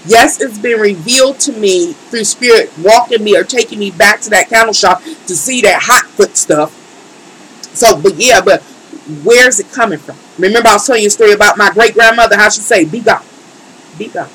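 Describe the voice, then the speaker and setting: A woman's voice: mid-range voice, brisk, a bit bright, slight background noise, poor audio. A woman tarot reader in a casual live stream, speaking emphatically and colloquially and talking straight to her chat.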